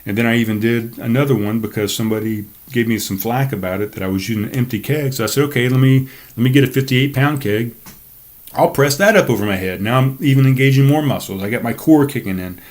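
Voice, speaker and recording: A man's voice: medium pitch, fast. A man hosting a solo podcast from his desk, ranting in a fired-up, profane way into a desk microphone. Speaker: podcast host. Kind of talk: casual solo podcast monologue. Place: seated at a desk.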